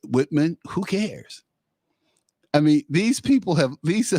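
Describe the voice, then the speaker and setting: Slow-talking, mocking male talk host. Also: medium pitch, no echo, studio quality. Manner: laughs often, mocking asides. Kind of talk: casual political talk.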